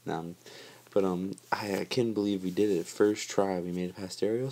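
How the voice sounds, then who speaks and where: A man's voice: sits low, steady tone, moderate pace, gravelly, darkish tone. A man giving casual, chatty gameplay commentary over his footage, joking about himself and laughing often.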